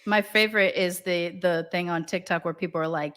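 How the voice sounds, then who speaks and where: A woman's voice: fairly low pitch, steady tone, a little fast, fairly bright tone. A woman co-hosting a podcast in casual chat, talking loosely with many fillers and restarts. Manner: rambling, full of fillers and restarts. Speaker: podcast co-host.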